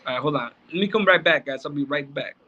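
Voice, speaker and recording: A man's voice: a little high, fast talker, sharp tone. A middle-aged man hosting a livestream, talking casually in loose streetwise slang with plenty of swearing. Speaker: livestream host. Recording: dull lo-fi stream audio.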